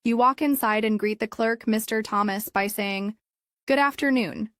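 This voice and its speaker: Woman, scripted narration, English lesson, calm, clear, mid-pitched, dry sound. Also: normal speed, dry recording.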